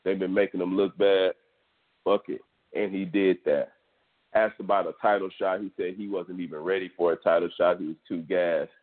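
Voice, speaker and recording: Low-voiced Texan man on tinny audio. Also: steady tone, normal speed. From Texas, US. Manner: loose, profane sports storytelling. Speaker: podcast host. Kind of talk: casual monologue.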